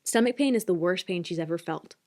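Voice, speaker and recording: A woman's voice: lowish voice, fairly quick, darkish tone. Emotional young woman on a podcast. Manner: emotional, heartfelt, rambling with many fillers. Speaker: podcast co-host. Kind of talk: casual chat.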